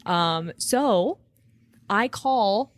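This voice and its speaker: A woman's voice: mid-range voice, animated, drawn-out words, no room sound. A woman from the United States co-hosting a podcast, chatting casually and laughing often as she gives her opinions. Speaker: podcast co-host. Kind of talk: casual chat.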